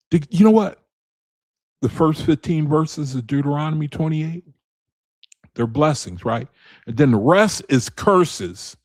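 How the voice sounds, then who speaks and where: A man's voice: on the high side, a little mellow, no room sound, studio quality. A man leading a casual video Bible study, talking straight to his viewers, repeating his points and calling them brethren and man, with speech.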